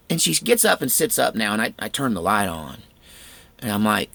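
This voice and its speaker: A man's voice: on the low side, big pitch swings, brisk, gravelly, sharp tone, dry recording. A man earnestly recounting a frightening personal experience in a tense, fervent way. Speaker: storyteller. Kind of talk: personal storytelling.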